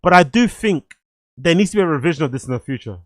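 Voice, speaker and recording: A man hosting a live stream, giving casual commentary that is animated, repetitive and full of swearing and laughter. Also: a little high, quick pace, dry recording. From London. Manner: animated, swears freely, laughs often, repeats phrases. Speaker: streamer host.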